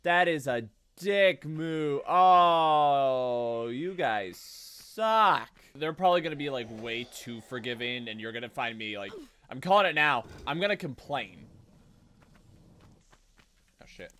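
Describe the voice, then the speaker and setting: A man's voice: mid-range voice, takes it slowly, slight background noise. A man streaming video games, cursing and yelping as he plays and reacts. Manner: animated, sweary, prone to sudden yelps. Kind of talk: casual gaming commentary.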